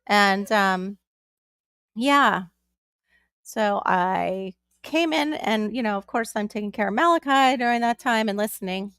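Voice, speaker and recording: A woman's voice: mid-range voice, measured pace, fairly bright tone, clean tone, no echo, studio quality. A woman hosting a casual live stream from home, chatting in a rambling way and greeting viewers by name. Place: at home with her young son nearby.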